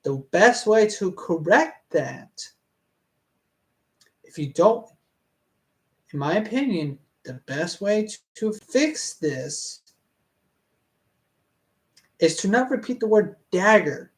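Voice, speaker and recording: High-voiced, slow-talking exasperated man. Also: very animated. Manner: exasperated, halting, self-interrupting; laughs often. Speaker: reader reviewing a fan story. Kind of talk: casual commentary while reading aloud.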